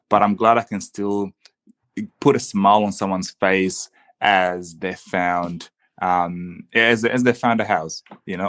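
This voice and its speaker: Young man, low-pitched, enthusiastic, casual podcast guest, frequent restarts. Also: fairly bright tone. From Congo. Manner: earnest, enthusiastic, many restarts and "dude". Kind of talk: casual conversation.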